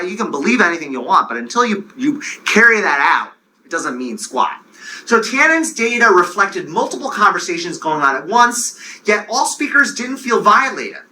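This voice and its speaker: Male lecturer, Long Island accent, bouncy intonation, sharp bright tone, chatty tangents. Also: high-pitched, slight background noise, poor audio. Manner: animated, digressive, jokey asides. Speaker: university lecturer. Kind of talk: classroom lecture.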